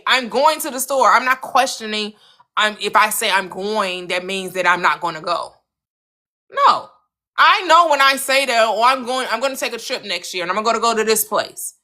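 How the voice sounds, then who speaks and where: Host type: American woman, bright, earnest motivational coach who repeats points for emphasis. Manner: earnest, coaching, repeats phrases, lively swings in pitch. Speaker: manifestation channel host. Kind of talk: motivational spiritual talk.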